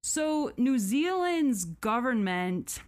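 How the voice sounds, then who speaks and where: A woman co-hosting a podcast, telling a story in casual chat who swears freely and climbs sharply in pitch when she gets outraged. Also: sing-song, takes it slowly, darkish tone, no echo. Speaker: podcast co-host.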